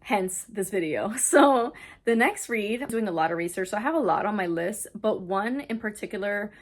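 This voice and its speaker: A woman's voice: mid-range voice, moderate pace. Chatty young woman book vlogger. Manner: chatty, excitable retelling full of "like". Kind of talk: casual reading vlog chat. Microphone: camera on a stand, not handheld.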